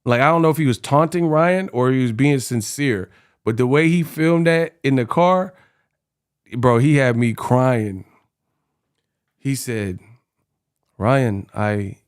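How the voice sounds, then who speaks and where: Slow-talking young male boxing vlogger. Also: mid-range voice, animated, smooth. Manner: laughing, slangy, calls listeners bro and y'all. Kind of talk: casual commentary.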